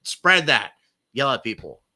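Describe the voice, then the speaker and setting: Bright-voiced casual male host. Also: medium pitch, big pitch swings, measured pace. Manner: laughs often, reads viewer comments, swears casually. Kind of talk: casual livestream chat.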